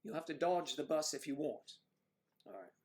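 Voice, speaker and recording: A man's voice: fairly high pitch, lively intonation, moderate pace. A man hosting a casual livestream, chatting and teasing viewers with jokey asides. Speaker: livestream host. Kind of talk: casual chat reading viewer comments.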